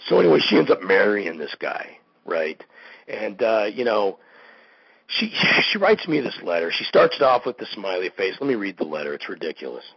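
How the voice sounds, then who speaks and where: A man hosting a show, a pro wrestler ranting in a heated, animated monologue full of "you know" and "man.". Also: fairly low pitch, moderate pace, gravelly, husky, no echo, highs cut off. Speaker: podcast host, pro wrestler.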